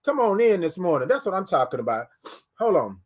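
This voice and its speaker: A man hosting a casual morning livestream, greeting viewers and reading their comments aloud in an animated way. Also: high voice, a little fast. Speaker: livestream host.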